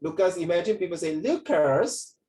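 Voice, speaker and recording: A man's voice: a little high, lively intonation, moderate pace, a little mellow, echoey room, distant mic, poor audio. A man with a Singaporean English accent tutoring children in an online English lesson, rambling with many fillers and restarts. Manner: rambling, frequent fillers and restarts, mixes in Mandarin.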